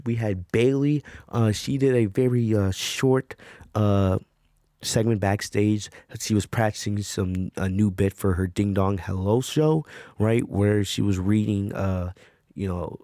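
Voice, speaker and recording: A man's voice: lowish voice, mellow, no echo, clean studio sound. A man hosting a wrestling review podcast, talking casually with lots of fillers and "right?" tags.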